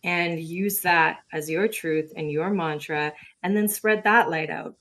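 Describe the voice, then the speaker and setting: A woman guest in a live conversation, speaking earnestly about spiritual ideas. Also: lowish voice.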